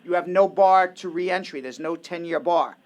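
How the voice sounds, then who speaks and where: A man hosting a call-in radio show, answering legal questions in a brisk, confident, teasing way. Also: sits high. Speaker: immigration lawyer and radio host.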